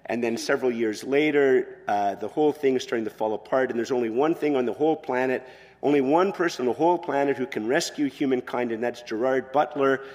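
A man preaching a sermon as pastor, expressive, moving between quiet, soft passages and loud emphatic ones. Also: medium pitch, fairly quick, long reverb tail.

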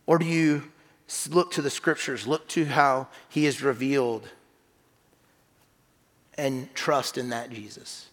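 Man, preacher, sermon, earnest, asks "right?" a lot, loud bursts then hushed lines, long church reverb. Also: steady tone, takes it slowly, pauses often. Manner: earnest, repeats words and often checks in with "right?"; swings from loud emphatic exclamations to hushed low phrases. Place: church sanctuary.

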